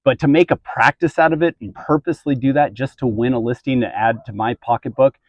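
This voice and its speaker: A man's voice: mid-range voice, fairly quick, no room sound, dull audio. A man, a realtor and team leader, giving earnest, emphatic advice straight to camera. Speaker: real estate agent and team leader. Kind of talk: direct-to-camera advice video.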